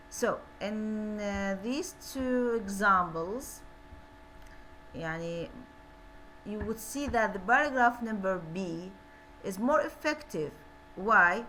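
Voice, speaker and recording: A woman's voice: mid-range voice, bright, forceful tone, slight background noise. A woman with an Iraqi Arabic accent lecturing an English class, switching between English and Arabic and repeating questions to her students. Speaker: university English teacher.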